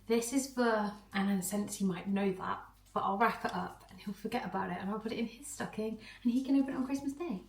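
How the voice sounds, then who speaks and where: A young woman talks straight to her viewers in a relaxed, chatty vlog. She is giggly and breaks into quick bursts of excitement, with a voice of ordinary pitch. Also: roomy sound, heavy background noise. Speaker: vlogger and personal trainer. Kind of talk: casual vlog chat.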